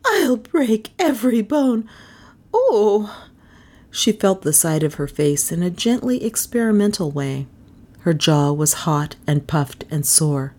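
A woman narrating a novel in an expressive, animated storybook reading. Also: low voice, unhurried. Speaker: audiobook narrator.

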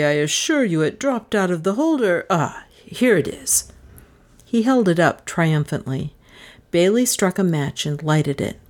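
A woman reading a novel aloud in measured, dramatic narration. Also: on the low side, darkish tone. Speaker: audiobook narrator. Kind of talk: scripted narration.

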